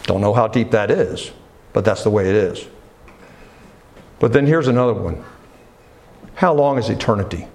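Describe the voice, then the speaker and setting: A man's voice: on the low side, moderate pace, long pauses, darkish tone. A man preaching a sermon in a church, talking casually and putting questions to his congregation. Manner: conversational, asks questions of the congregation.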